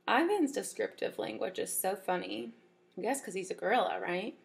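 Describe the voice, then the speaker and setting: A woman's voice: medium pitch, animated, moderate pace, gravelly. A woman teacher reading a children's book aloud to her class, her voice scratchy from allergies, stopping often to ask questions. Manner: warm, chatty storyteller who asks listeners questions.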